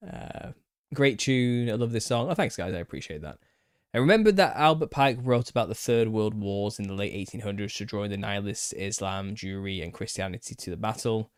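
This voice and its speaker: A man's voice: fairly low pitch, expressive, brisk, clean tone, dry recording, clean studio sound. A man with a Northern English accent, hosting a casual live Q&A, rambling and chuckling as he answers viewer comments. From England. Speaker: channel host.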